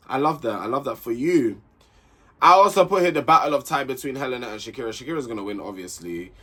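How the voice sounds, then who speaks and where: A young man giving an opinionated, animated, casual commentary on a reality show, often repeating himself for emphasis. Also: medium pitch. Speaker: reality show recap host.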